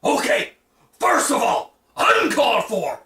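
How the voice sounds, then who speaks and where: A woman acting out cartoon roommates who cannot stop screaming at each other. The voice is high and sharp, and the pitch jumps all over. It is recorded from a distance in an echoey room. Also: huge pitch swings, slow pace, heavily acted. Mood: yelling. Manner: yelling nonstop, frantic and argumentative. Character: screaming young roommates in a petty feud.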